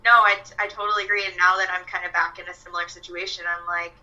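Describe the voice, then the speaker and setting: A woman's voice: lowish voice, little pitch movement, fast talker, bright, forceful tone, muffled recording. A young woman, a fitness coach, chatting casually with lots of fillers and quoted asides. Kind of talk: casual podcast chat. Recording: voice a bit far from the mic.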